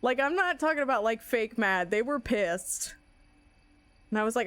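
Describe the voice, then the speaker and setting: American woman streamer, high bright voice, laughs and swears nonstop while gaming. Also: moderate pace, no echo. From United States. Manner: laughs constantly, animated, swears. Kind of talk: live gameplay commentary.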